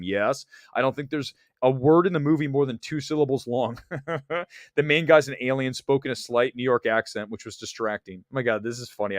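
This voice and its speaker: A man's voice: mid-range voice, no echo, clean studio sound. A man hosting a livestream about movies, talking bluntly and teasing his chat. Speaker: livestream host.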